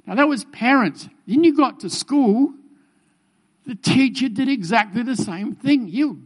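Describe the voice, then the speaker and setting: A middle-aged man giving a humorous talk to a congregation, telling a childhood story in a lively, joking way and acting out the fear. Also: high-pitched.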